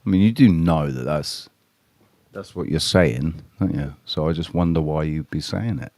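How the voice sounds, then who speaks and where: Low-voiced man rambling on a livestream. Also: normal speed, a little mellow, dry recording. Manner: rambling, blunt, swears freely; addresses chat viewers directly. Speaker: live streamer. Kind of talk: casual livestream chat with viewers.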